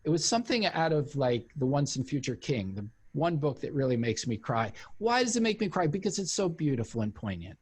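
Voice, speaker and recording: Animated high-voiced man telling a story. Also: brisk, hardly any pauses, husky. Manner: animated storyteller who acts out quoted voices. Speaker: interview guest, author and former cult member. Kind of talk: casual conversational storytelling.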